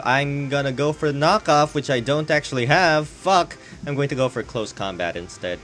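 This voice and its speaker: A man's voice: a little high, a bit bright. A man giving casual live commentary on online battles, rambling and joking with the odd swear word, at home on a hot day. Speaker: game commentator.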